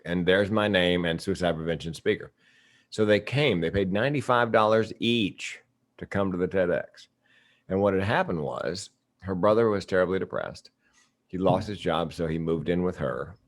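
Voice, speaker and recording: A middle-aged man, a comedian and speaker, telling stories as a guest in a casual interview, with punchy comic timing. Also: sits low.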